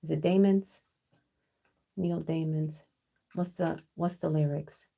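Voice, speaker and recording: A woman's voice: sits low, steady tone, slow, vocal fry, mellow. A woman giving a casual live tarot reading from home over her computer, chatty, checking in with viewers and cussing now and then. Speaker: tarot card reader. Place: at home with her child nearby.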